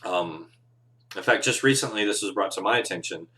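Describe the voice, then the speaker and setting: Speaking fairly quickly in a low, sharp-toned voice, this game master and podcast host gives earnest, casual advice on a live show. His talk about tabletop games rambles but stays encouraging.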